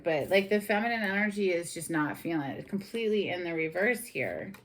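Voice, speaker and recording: A woman giving a casual tarot reading in a blunt, sassy way, swearing and getting fired up. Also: fairly low pitch. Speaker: tarot reader.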